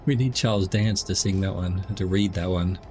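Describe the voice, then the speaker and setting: A man's voice: low voice, normal speed, mellow, soft background music. A man giving casual, rambling commentary while streaming a driving game. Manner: rambling, chatty asides.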